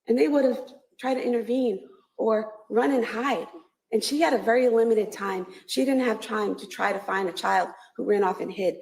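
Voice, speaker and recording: A woman prosecutor delivers a closing argument, her voice carrying a gravelly edge. She speaks in a measured, emphatic way and hammers her points home with repeated phrases. The courtroom audio is echoey. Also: mid-range voice, a little mellow.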